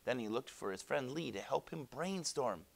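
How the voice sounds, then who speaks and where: A man's voice: mid-range voice, animated, normal speed, gravelly. A male teacher reading a storybook aloud to his class and then guiding them through a worksheet, with chatty asides along the way. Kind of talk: classroom read-aloud and lesson.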